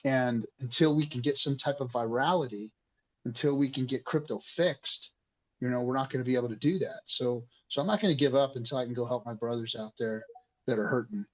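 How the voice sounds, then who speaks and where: A man's voice: medium pitch, a little fast, lo-fi sound. A man hosting an online community discussion, speaking passionately and emotionally with frequent swearing.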